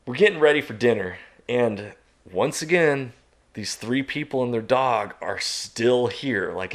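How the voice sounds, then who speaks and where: A man guest on a podcast, telling a story in a casual, animated way and chuckling at himself. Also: on the low side. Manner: animated, self-mocking, chuckles at his own story.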